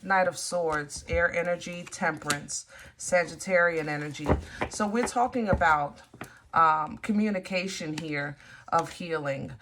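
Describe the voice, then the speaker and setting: Tarot reader, woman, lowish voice, blunt and lively, talks right at the viewer. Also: a little hiss or hum. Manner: animated, blunt, swears in frustration, addresses viewer directly.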